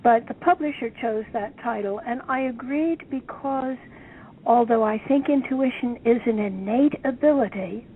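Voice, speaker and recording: A woman author being interviewed, speaking in a slow, thoughtful, musing way over a phone line. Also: on the high side. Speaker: author guest. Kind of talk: reflective interview talk. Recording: tinny phone line, faint noise.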